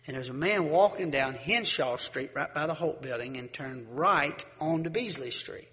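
Male preacher, folksy storyteller, slightly high, reverberant church hall. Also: moderate pace. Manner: folksy, animated storyteller who acts out voices. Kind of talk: sermon with a storytelling anecdote.

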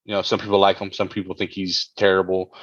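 A man's voice: sits low, completely flat delivery, fast, no room sound, lo-fi sound. A man co-hosting a podcast, chatting casually and rambling with lots of fillers and restarts. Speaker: podcast co-host.

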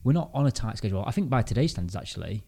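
A man's voice: fairly low pitch, animated, racing, gravelly, warm tone. A British man, a podcast host, casually telling a story and thinking aloud with restarts. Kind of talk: casual chat.

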